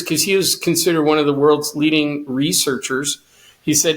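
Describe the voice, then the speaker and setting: A man's voice: a little high, steady tone, moderate pace, a bit bright. A middle-aged man, an interview guest, earnestly telling a long personal story and acting out the dialogue.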